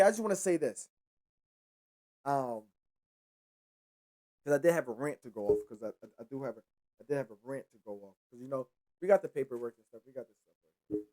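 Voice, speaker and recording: A young man hosting his own sports commentary show. He rants loosely and keeps repeating himself, and his talk is full of slang and swearing. He often jumps between low mutters and loud, high outbursts. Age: young adult. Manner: animated, profane and repetitive, slangy. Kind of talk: casual sports commentary rant.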